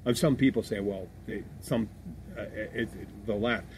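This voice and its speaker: Faint background noise accompanies a middle-aged bartender hosting a casual bar-work podcast. His voice sits on the low side and is a little mellow, at normal speed, as he rambles, curses and keeps restarting his sentences.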